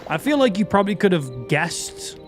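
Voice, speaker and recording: An Irish man streaming a game and ranting at his chat in a profane, mocking way. His pitch jumps all over as he talks, and music plays behind him the whole time. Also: very animated, normal speed. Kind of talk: casual gaming livestream commentary.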